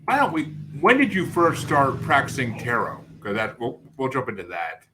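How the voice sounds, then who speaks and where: A man's voice: medium pitch, wildly swooping pitch, moderate pace, pushed and bright, slight background noise. A man hosting a podcast interview, talking casually in rambling, self-interrupting runs with sarcastic asides. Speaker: podcast host.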